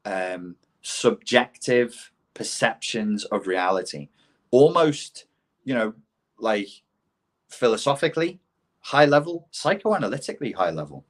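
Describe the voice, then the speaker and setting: A man's voice: lowish voice, measured pace. A man from Liverpool talking casually on a livestream Q&A about philosophy, rambling and emphatic with the odd swear word. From Liverpool, England. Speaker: online philosophy and self-help talker.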